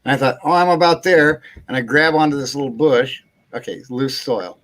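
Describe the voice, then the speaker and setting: A man's voice: medium pitch, fairly quick, a bit bright. A man hosting a casual live chat show, telling a long rambling anecdote, chuckling and acting out what people said. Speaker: host.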